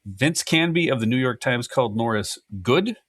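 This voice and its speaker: A man's voice: medium pitch, lively intonation, normal speed, a bit bright, no room sound, clean studio sound. A man co-hosting a casual movie podcast, joking and reading critics' reviews aloud with wry asides. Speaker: podcast co-host.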